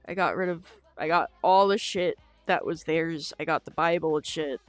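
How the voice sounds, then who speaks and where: Halting young woman telling her story. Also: low-pitched, no echo, faint music behind. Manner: halting and emotional, with frequent swearing. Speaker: vlogger. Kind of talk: unscripted personal story.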